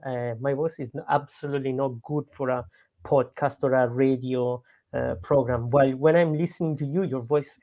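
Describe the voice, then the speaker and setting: A man's voice: medium pitch, dull audio. A man who is not a native English speaker, a podcast guest talking hesitantly and modestly, searching for words. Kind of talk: casual podcast interview.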